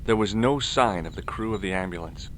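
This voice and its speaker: A man playing a sardonic adult male amateur detective who narrates and questions people with deadpan wisecracks, in a game with faint music. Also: low-pitched, fairly quick, a little hiss or hum. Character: wry adult male detective, dry humor.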